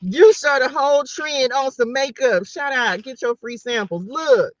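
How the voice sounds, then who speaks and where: A woman's voice: high voice, a little slow, dry recording, dull audio. A woman tarot reader giving a casual motivational talk to her viewers, playful and slangy, laughing often.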